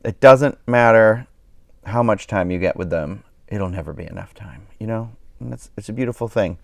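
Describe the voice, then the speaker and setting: Male streamer, low voice, dry close sound. Sleepy, rambling casual chat. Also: moderate pace, vocal fry, no room sound. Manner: rambling, many fillers and restarts. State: tired, yawning. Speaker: live stream host.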